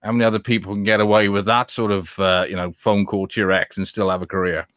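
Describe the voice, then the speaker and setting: A man's voice: lowish voice, level tone, fast, a bit bright, smooth, no echo, studio quality. A man hosting a casual podcast chat, teasing and sardonic, swearing freely. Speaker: host.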